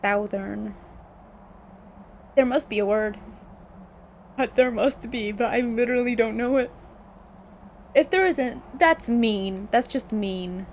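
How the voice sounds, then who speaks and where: A young American woman streams a video game and chats in a giggly, rambling way, breaking into frequent laughter. Her voice is a little high and slow, with long pauses, and there's slight background noise.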